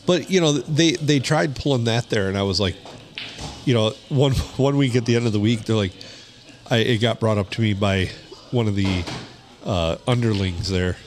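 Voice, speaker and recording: A man's voice: lowish voice, normal speed, a little hiss or hum. A man with a Michigan accent, co-hosting a podcast in blunt, matter-of-fact casual chat. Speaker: podcast co-host.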